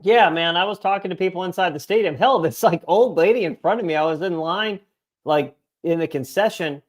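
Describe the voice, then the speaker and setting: A man's voice: sits high, brisk. A young man co-hosting a sports podcast, telling rambling, profane stories full of fillers in casual chat. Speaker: podcast co-host.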